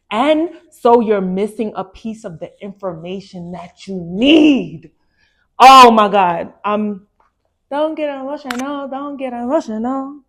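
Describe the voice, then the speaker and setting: A young woman with a voice on the low side hosts a podcast where she reads a book aloud and reacts with animated emphasis. Her casual chat, mixed with the reading, is full of slang and repeated phrases.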